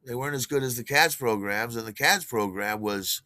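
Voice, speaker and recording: An older man hosting a podcast, telling a rambling story in a casual, animated way with restarts and chuckles. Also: moderate pace, dry recording, clean studio sound. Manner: animated, acts out quotes in a higher voice. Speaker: podcast host.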